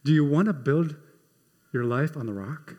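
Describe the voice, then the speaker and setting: Middle-aged pastor with a higher voice in a reverberant hall. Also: male voice, moderate pace, a little mellow. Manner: conversational, emphatic repetition, self-deprecating humor. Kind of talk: sermon.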